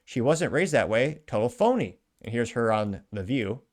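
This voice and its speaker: A male host working through a list of viewer comments on his show. He reads each one out, then tacks on dry, offhand asides in a conversational voice at an everyday pitch. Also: big pitch swings, normal speed. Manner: wry, offhand asides with chuckles.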